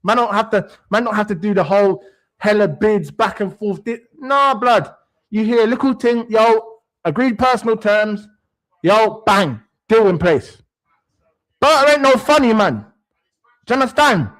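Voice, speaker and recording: Young guy going off about football on a stream, fairly high voice, keeps repeating himself. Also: measured pace. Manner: animated, swearing, repeats phrases for emphasis. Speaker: sports stream host. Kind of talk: heated football rant.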